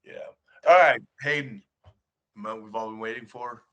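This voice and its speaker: A man's voice: medium pitch, moderate pace, bright, forceful tone. A young man co-hosting a podcast, laid-back and offhand in casual chat. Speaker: podcast co-host.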